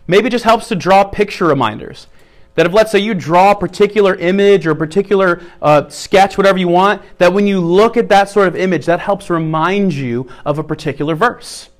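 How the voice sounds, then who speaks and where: A man with a high voice preaches a sermon to his church. He teaches in a practical way and often repeats his key phrases. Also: brisk. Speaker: pastor.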